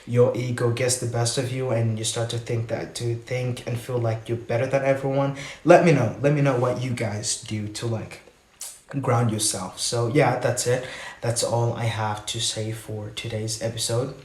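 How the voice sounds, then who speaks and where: A man's voice: mid-range voice, fairly even intonation, moderate pace, a little mellow. A man hosting a casual solo podcast episode, talking frankly and rambling with lots of fillers. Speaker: podcast host. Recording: echoey room.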